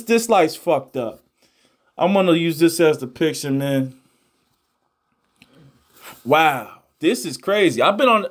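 A young man with a high voice hosts his boxing channel in loose reaction commentary. He swears freely, stumbles and repeats himself, and swings between exasperation and laughter. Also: fairly bright tone. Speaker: host of a boxing news channel.

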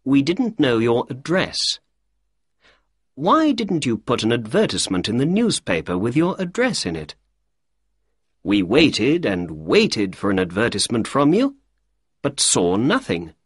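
A man voicing a brilliant, confident male detective, speaking lively and emphatically in a raised voice for a storybook reading. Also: unhurried, slightly rough, no echo, clean studio sound, full character voice. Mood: polite. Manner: lively and emphatic, higher and louder than the narration.

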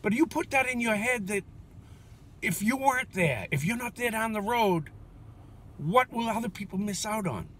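Casual male vlogger, fairly high pitch, wandering and self-mocking, faint vehicle hum. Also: expressive, moderate pace, fairly bright tone. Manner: chatty, swears casually, self-deprecating. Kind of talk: rambling casual monologue.

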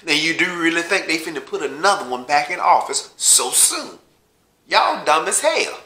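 Man, heated profane rant, blunt and mocking, fairly high voice, echoey room. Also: very animated, moderate pace, pushed and bright. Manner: blunt, heated, heavy cursing, mocks his listeners. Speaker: vlogger.

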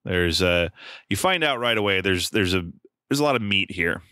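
A man's voice: low-pitched, animated, moderate pace, pushed and bright, smooth, no room sound, studio quality. A man co-hosting a casual film podcast, chatting and reading out a plot summary. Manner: conversational, reads plot summary aloud. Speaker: podcast co-host.

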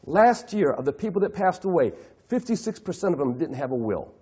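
A middle-aged man giving a lively keynote talk on the economy to an audience. He acts out clients' voices and asks the audience questions. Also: on the high side, brisk, breathy edge.

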